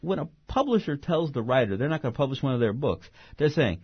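A man's voice: mid-range voice, very animated, fast, breathy edge, dry recording, highs cut off. A novelist being interviewed. He talks expressively and often restarts mid-phrase. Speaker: novelist guest. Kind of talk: interview conversation.

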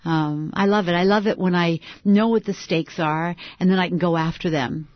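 A woman's voice: lowish voice, normal speed, dry recording. Actress guest, woman, 60s, chatty and self-mocking, dry, dull-toned recording. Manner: lively, laughing, self-deprecating. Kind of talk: interview conversation.

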